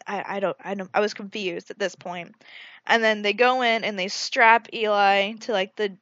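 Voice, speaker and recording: A young woman with a bright, sharp voice retells a movie in casual chat, slipping into the characters' lines with lots of filler words and cursing. The sound is dry and close, slightly muffled and lo-fi. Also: medium pitch, no echo. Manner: animated, swearing, frequent "like" fillers.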